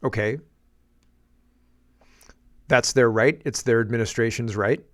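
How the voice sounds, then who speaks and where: A man's voice: medium pitch, steady tone, a little slow. Sarcastic Canadian man ranting about politics. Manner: sarcastic, exasperated, with stammered restarts. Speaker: political commentator. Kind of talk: opinionated political commentary.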